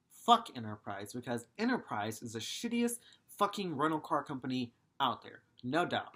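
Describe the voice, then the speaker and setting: A man's voice: medium pitch, pushed and bright. A young man vlogging a frustrated, profane, rambling rant about a bad car experience. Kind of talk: ranting vlog.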